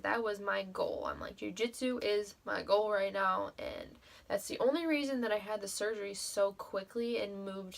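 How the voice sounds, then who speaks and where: A woman's voice: mid-range voice, gravelly. A young woman telling a personal story to the camera in a casual vlog, emotional and full of fillers, with frequent swearing. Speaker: vlogger.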